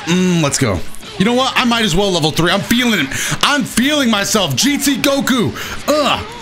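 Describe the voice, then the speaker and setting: Young man, fighting game commentary, excitable, laughs at own mistakes, lively swooping voice. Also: high-pitched, normal speed, soft background music. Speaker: gaming commentator. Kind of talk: live gameplay commentary.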